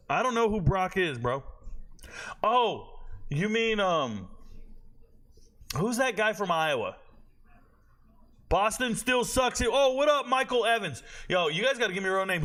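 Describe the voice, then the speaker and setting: A man in his forties hosts a live stream, talking straight to his chat viewers. His voice sits a touch high and bright, pushed out with real force. He jokes loudly and spins stories in relaxed slang. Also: normal speed. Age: 40s. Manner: loud, joking, slangy storyteller.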